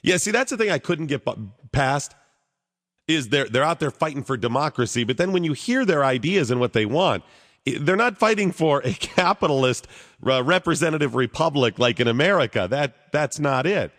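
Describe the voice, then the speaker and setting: Blunt opinionated radio host. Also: male voice, a little high, lively intonation, moderate pace, a bit bright, big-room sound. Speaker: radio talk show host. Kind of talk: talk radio commentary.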